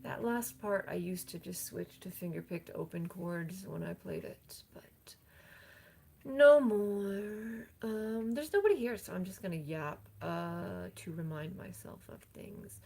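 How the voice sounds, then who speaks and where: A woman livestreaming as a songwriter, rambling casually to herself and often dropping to soft near-whispers. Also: on the low side, lively intonation, unhurried, vocal fry, slight background noise. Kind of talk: casual thinking-aloud talk.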